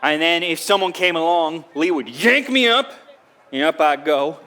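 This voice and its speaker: Speaking at a normal speed, a man onstage gives the monologue of a poor young wanderer who earnestly describes his rough life. The talk is folksy with country grammar, the voice fairly high and bright, the presence simple and heartfelt.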